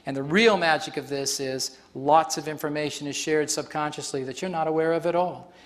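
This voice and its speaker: A man's voice: a little high, brisk. A man facilitating a live workshop demonstration on stage before an audience, explaining in a chatty way and laughing often.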